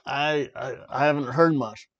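A man hosting a wrestling review podcast, ranting and joking sarcastically in a casual, animated way. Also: mid-range voice, measured pace, dry recording. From Florida, USA. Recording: dull lo-fi dry recording.

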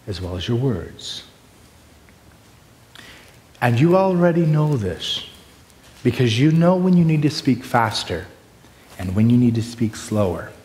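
Male lecturer, expressive, loud-to-hushed swings, recorded in a reverberant hall. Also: medium pitch. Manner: animated, shifts between loud bursts and hushed asides. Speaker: preaching workshop speaker. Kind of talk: conference lecture with demonstrations. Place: large hall with long reverb. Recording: echoey hall from far off.

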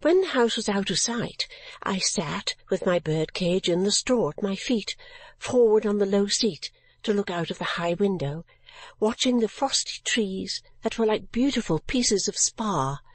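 Female audiobook narrator, breathy, dry studio sound, gentle measured reading. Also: mid-range voice, lively intonation, dry recording.

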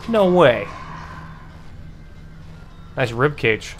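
A young man hosting a horror game let's-play, talking casually and reacting out loud with disgust and swearing. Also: mid-range voice, animated, measured pace, faint music behind. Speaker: gaming let's-play host. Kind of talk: casual gameplay commentary.

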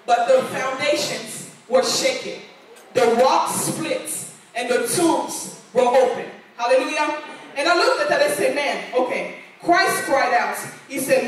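A woman preaching a sermon in a church, earnest and repeating lines for emphasis. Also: high-pitched. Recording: echoey church hall, voice from far off.

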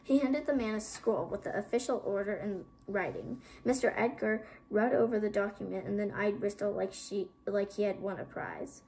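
A woman's voice: medium pitch, moderate pace, hardly any pauses, dark tone, slight background noise, low-quality recording. A woman narrating a children's fantasy book aloud, reading steadily with occasional slips and restarts. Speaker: audiobook reader. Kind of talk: storybook narration.

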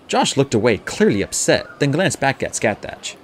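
A man narrating an audiobook with expressive storytelling. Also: mid-range voice, moderate pace, breathy edge. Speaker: audiobook reader.

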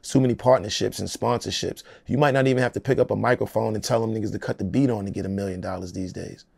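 Gravelly, emphatic rapper talking candidly. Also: male voice, lowish voice, steady tone, quick pace, a little mellow, dry recording. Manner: loose, emphatic, streetwise. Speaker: rapper being interviewed. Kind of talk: casual interview talk.

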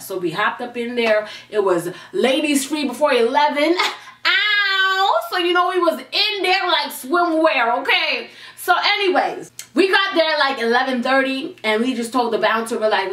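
A young woman from Canada telling a story on her vlog, brash and animated, with plenty of cursing. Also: high voice, normal speed. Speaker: vlogger. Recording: roomy echo, mic far off.

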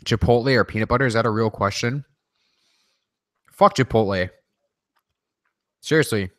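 A man hosts a casual, rapid-fire Q&A livestream, joking his way through viewer questions with lots of swearing and rambling asides. His voice is medium-pitched at a moderate pace, recorded with studio quality and no echo.

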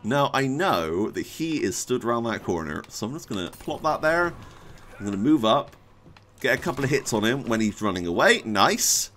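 A gaming YouTuber giving let's-play commentary, muttering one moment and yelling the next. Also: medium pitch, normal speed, a little hiss or hum. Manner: excitable, swings from muttering to yelling.

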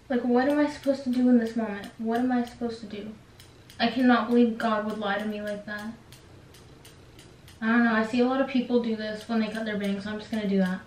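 A woman's voice: on the high side, steady tone, fast, darkish tone, slight background noise. A young woman vlogging casually at home, dramatic and exasperated, mocking herself. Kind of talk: casual vlog. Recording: echoey room, camera a bit distant.

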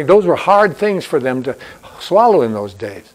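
A man's voice: medium pitch, big pitch swings, normal speed. A man preaching a sermon as pastor in a church, in a conversational storytelling way that repeats key points.

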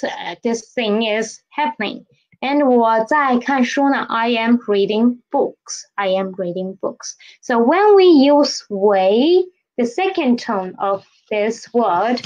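A woman teaching a Mandarin lesson in English, explaining slowly and repeating key phrases with "okay?". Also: fairly high pitch, dull audio. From Philippines. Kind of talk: language lesson.

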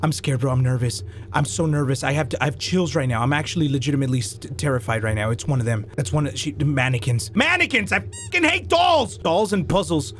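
A young man from Mexico with a Mexican accent, commentating a horror game, coaching himself in hushed tones, then yelping and swearing, switching into Spanish. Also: medium pitch, fairly even intonation, quick pace, slight background noise. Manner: jumpy, swings from hushed self-coaching to loud yelps, profane, switches into Spanish. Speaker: gaming YouTuber. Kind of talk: let's play commentary.

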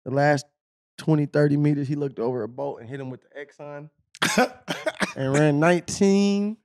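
A man on a podcast telling a lively story, laughing often and acting out what others said. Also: a little high, normal speed, no room sound, studio quality. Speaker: podcast co-host, former sprinter. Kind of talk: casual storytelling chat.

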